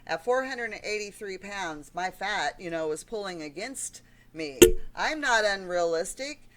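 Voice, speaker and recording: A woman's voice: medium pitch, expressive, a little slow, very noisy. Woman vlogger, middle-aged, emotional rant, blunt and rambling. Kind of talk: ranting vlog monologue.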